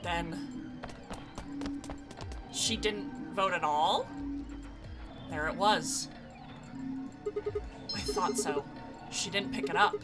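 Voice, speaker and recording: A young woman streaming a game, excitable and loud, swearing, laughing and screaming as she plays. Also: on the low side, extremely slow, long pauses, music in the background. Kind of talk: let's play commentary.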